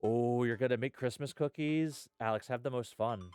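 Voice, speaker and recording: A man's voice: mid-range voice, normal speed, a little mellow, smooth, soft background music. A man streaming live, chatting casually and rambling with viewers, dropping lots of "uh" and "hell yeah".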